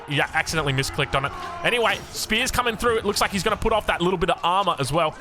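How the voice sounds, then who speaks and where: A man's voice: high voice, lively intonation, quick pace, music in the background. An Australian man casting a strategy game, chatty and self-mocking, drifting into rambling asides. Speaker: game caster. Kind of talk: casual game commentary.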